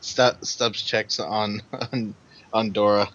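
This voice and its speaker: A man's voice: fairly low pitch, moderate pace, sharp tone. A man playing a tabletop game who stammers and repeats words as he talks. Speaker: player. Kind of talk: casual chat at a game table. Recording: dull lo-fi mic with clear noise.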